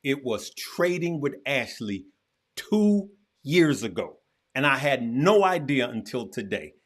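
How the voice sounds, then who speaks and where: A man's voice: medium pitch, big pitch swings, takes it slowly. A man hosting a livestream in casual chat, talking emphatically and repeating himself, with heartfelt, preacher-like encouragement. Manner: emphatic and repetitive, with frequent restarts. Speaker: host.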